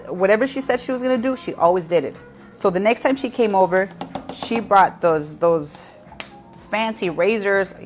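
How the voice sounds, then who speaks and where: A middle-aged woman hosting a casual live cooking class from her kitchen, telling stories with laughs and talking straight to her viewers. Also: fairly low pitch. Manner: chatty, warm storytelling with laughs and asides to viewers. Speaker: cooking show host. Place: home kitchen.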